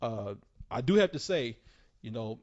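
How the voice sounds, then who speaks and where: A man's voice: mid-range voice, sing-song, unhurried, a little mellow. A man hosting a podcast, ranting heatedly in casual chat and swearing freely. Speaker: podcast host. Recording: dull lo-fi audio.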